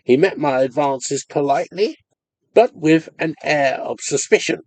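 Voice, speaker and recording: A man reading a ghost story aloud as an audiobook in expressive, measured storytelling. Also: a little high, no echo. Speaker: audiobook reader. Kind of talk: scripted narration of a ghost story.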